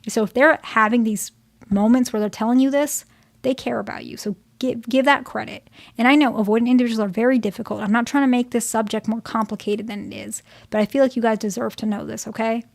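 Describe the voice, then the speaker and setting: Frank woman therapist, fairly high voice. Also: vocal fry, a little mellow. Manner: direct, frank, checks in with "okay?" and "right?". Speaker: therapist giving relationship advice. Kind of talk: casual advice talk to viewers.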